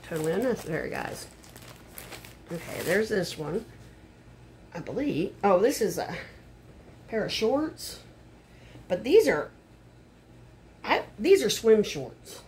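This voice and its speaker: A woman's voice: mid-range voice, very animated, takes it slowly, long pauses, darkish tone, a little hiss or hum. An older woman chatting casually at home while she unboxes a shopping haul, muttering asides and getting frustrated. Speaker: haul vlogger. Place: home room.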